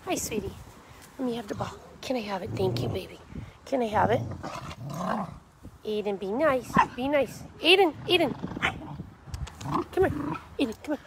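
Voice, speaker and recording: A woman's voice: on the high side, expressive, normal speed, long pauses, noisy background. A woman on a live stream in a backyard, talking to dogs in coaxing baby talk, calling and cheering them on. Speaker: dog rescue volunteer. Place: backyard outdoors.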